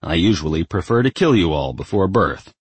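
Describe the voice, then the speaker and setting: A man's voice: low voice, animated, brisk, breathy edge, no room sound. A man voicing the devil as a smug, menacing male demon king.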